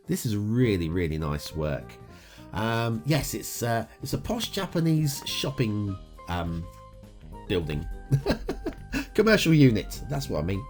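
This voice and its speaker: A man's voice: on the low side, darkish tone. A man hosting a game review show, talking through gameplay in an upbeat, chatty way with frequent "uh" fillers. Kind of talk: casual gameplay commentary. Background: faint guitar music.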